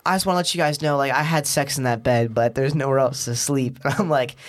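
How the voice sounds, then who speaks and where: A man's voice: medium pitch, quick pace. A young man, a podcast guest, telling a wild story in casual chat, swearing and laughing as he goes. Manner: animated, swearing, laughing often, slangy.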